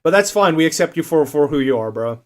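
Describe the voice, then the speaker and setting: A young man streaming live, with a voice sitting a bit higher than most men's. He reads out quiz questions and reacts loosely to his chat, cursing freely and laughing along as he goes. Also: expressive, fast. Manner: profane, joking, laughs often, talks to chat.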